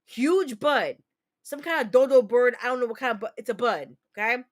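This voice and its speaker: A woman from New Jersey hosting a casual livestream chat, talking in a rambling, profane way and quick to launch into rants. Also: a little high, lively intonation. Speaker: livestream host.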